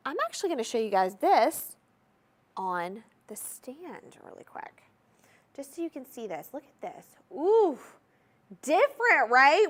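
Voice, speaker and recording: Brief: Southern woman, TV shopping host, high voice that swoops up and down, chatty gushing pitch. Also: a bit bright. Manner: chatty, gushing sales patter to viewers. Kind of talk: live TV shopping presentation. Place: TV shopping studio.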